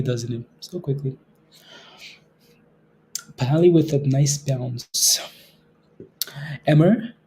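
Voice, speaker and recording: A man from Canada hosting a day trading livestream, casually reading out viewer comments, relaxed and given to repeating himself and laughing. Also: mid-range voice, slight background noise.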